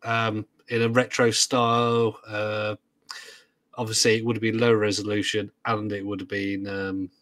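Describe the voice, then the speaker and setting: A man's voice: fairly low pitch, little pitch movement, a little slow, fairly bright tone, no room sound. A man co-hosting a gaming podcast, talking hesitantly with many ums and restarts and making joking asides. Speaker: podcast co-host. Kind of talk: casual chat.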